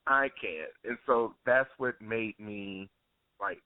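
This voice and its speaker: A man, a former cooking show contestant, talking casually and excitably in a phone interview, laughing easily. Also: on the low side, slow pace, no room sound. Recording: tinny phone line.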